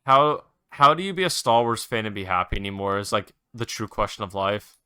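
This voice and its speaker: A man's voice: fairly low pitch, lively intonation, brisk, pushed and bright, clean tone, no echo, clean studio sound. A young man hosting his own show, ranting and rambling in a casual, exasperated way while playing a game, with lots of swearing. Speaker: host.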